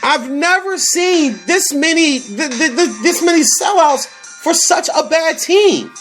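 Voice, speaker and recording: A man hosting a comedy podcast, delivering a casual, animated sports rant full of slang and repeated phrases for emphasis. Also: extremely high pitch, a little slow, faint music behind.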